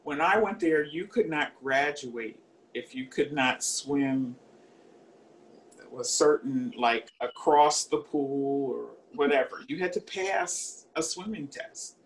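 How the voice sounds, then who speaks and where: Slow-spoken older woman reminiscing. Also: deep voice, expressive, a little hiss or hum, rough recording. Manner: unhurried, searching for details, trailing off. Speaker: alumna interviewee. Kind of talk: oral history reminiscence.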